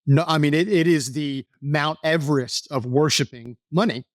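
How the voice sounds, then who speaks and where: Podcast guest, Texas-raised man, earnest rambling storyteller, slightly high voice, dry close sound. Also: steady tone, moderate pace, no room sound. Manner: earnest, rambling, many restarts. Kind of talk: casual storytelling interview.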